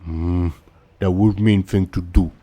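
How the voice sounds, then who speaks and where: A man voicing a brutal, haughty one-eyed male ogre chieftain in a tabletop game, grunting out slow, broken words that turn stiffly formal. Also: low voice, fairly even intonation, warm tone. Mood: menacing.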